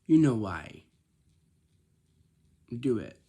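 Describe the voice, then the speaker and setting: A man with a slow, husky, fairly low voice delivers a casual advice monologue. He repeats himself and scolds gently, tossing in "right?" to check that listeners follow. His tone is soft and mellow. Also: big pitch swings. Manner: repetitive, scolding, lots of "right?". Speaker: vlogger giving workplace advice.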